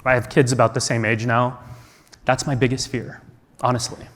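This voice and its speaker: A man's voice: mid-range voice, level tone, normal speed, fairly bright tone. A man from the United States telling a personal story on stage at a conference, earnest and reflective, with many rhetorical questions. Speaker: conference speaker. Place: large conference hall. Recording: long hall reverb.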